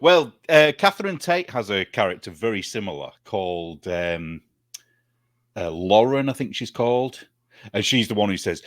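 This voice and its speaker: A British man chatting as a guest, an animated storyteller who laughs often. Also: fairly low pitch, moderate pace, no echo, clean studio sound. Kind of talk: casual chat.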